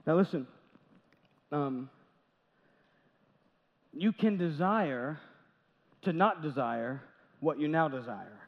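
A man's voice: fairly high pitch, expressive, takes it slowly, long pauses. A man preaching a sermon as pastor, talking conversationally, with jokes and little acted-out quotes. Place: large church sanctuary. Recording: dull audio with long church reverb.

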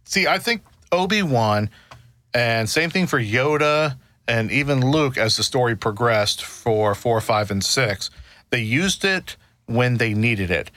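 A man's voice: mid-range voice, lively intonation, a little slow, a bit bright, dry recording. A man in a casual discussion, explaining his points at length with frequent restarts.

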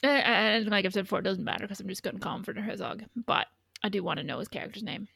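A woman co-hosting a podcast, talking in a loose, rambling way with lots of restarts and casual swearing. Her voice has a gravelly edge. The recording is dry and close. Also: mid-range voice, racing, bright, forceful tone, no room sound. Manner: rambling, profane, frequent restarts. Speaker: podcast co-host. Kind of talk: casual chat.

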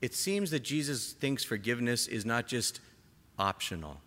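A man preaching a sermon to a gathered congregation, impassioned, rising to emphatic peaks and dropping to soft, quiet lines. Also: medium pitch, sing-song, normal speed. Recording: long hall reverb.

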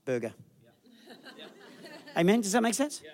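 A man preaching a lively sermon in a church, acting out people with funny voices. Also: high voice, unhurried. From Australia. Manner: animated, acts out people in the crowd with funny voices. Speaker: pastor.

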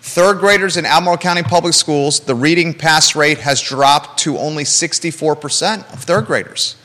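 A man's voice: a little high, moderate pace, sharp tone, long reverb tail. A man hosting a live local talk show, blunt and emphatic, with joking asides.

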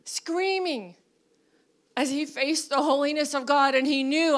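A woman with a high voice preaching a sermon. She talks conversationally, with fillers and the odd laugh, then builds into animated, emphatic bursts. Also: unhurried.

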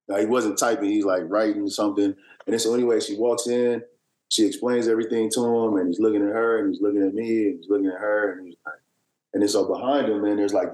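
A man in his thirties, a basketball player appearing as a guest on an interview show, tells a long, meandering story full of fillers and restarts. His voice sits low with a warm tone. The recording is rough and roomy.

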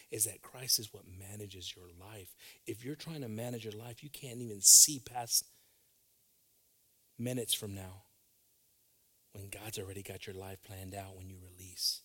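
A male pastor preaching a sermon, dropping into hushed whispers and then rising to emphatic, loud lines. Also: lowish voice, moderate pace, slightly rough.

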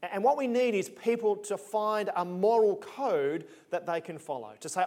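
A man's voice: high-pitched, moderate pace, hardly any pauses, a little mellow. A man preaching a sermon in a conversational, emphatic way with punchy asides.

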